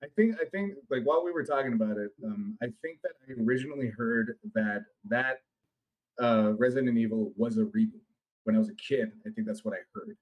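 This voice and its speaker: A man co-hosting a gaming podcast in casual chat, rambling and excitable, swearing freely. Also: medium pitch, a little fast, muffled recording. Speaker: podcast co-host.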